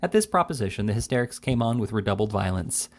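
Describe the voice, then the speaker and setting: A man reading a classic novel aloud in a steady, plain narration. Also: on the low side, fast talker. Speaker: reader. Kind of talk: audiobook reading.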